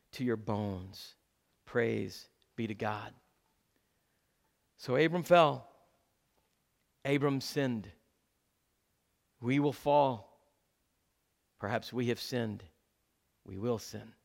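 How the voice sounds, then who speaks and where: A male pastor preaches a sermon in a slightly high voice, pressing his points with fervent, emphatic exhortation before dropping to hushed, low lines. He repeats each key point slowly so listeners can take notes.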